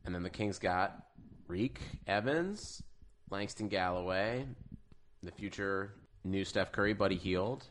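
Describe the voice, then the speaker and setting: A man's voice: deep voice, unhurried, a bit bright, slight background noise. A man co-hosting a podcast in casual sports chat, rambling through lists of players and draft picks. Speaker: podcast co-host.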